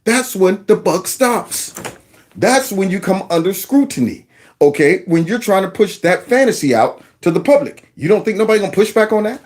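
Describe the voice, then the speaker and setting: A man hosting a video commentary, reacting to clips in an animated, sarcastic, conversational way. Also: sits high. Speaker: host.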